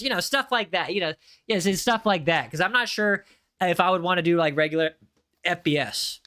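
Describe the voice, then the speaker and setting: A man's voice: sits high, bright, forceful tone, no echo, studio quality. A man streaming a game live, joking around and talking to his chat in a playful way. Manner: playful, jokey, chatting with viewers. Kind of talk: live gameplay commentary.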